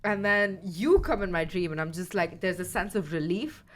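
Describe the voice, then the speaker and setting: A woman's voice: fairly low pitch, lively intonation, moderate pace, a bit bright. A young woman co-hosting a podcast, telling a long story in casual chat, rambling, swearing and laughing often. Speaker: podcast co-host.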